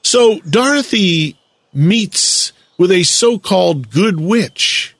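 A man delivering a slow, deliberate lecturing monologue, drawing out words for emphasis. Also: high-pitched, lively intonation, fairly bright tone, no echo. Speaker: speaker giving a monologue lecture.

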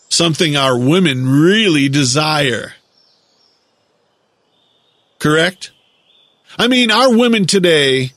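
Slow, high-voiced man lecturing. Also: fairly bright tone, no echo. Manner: slow, deliberate, drawn-out emphasis. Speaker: speaker giving a monologue lecture. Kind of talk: lecturing monologue.

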